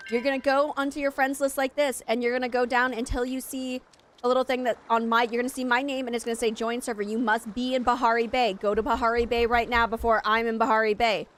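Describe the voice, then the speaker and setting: A woman's voice: fairly high pitch, little pitch movement, fast talker. A young adult woman streaming a game, chatting casually and rambling straight to her viewers. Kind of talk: casual live-stream chat.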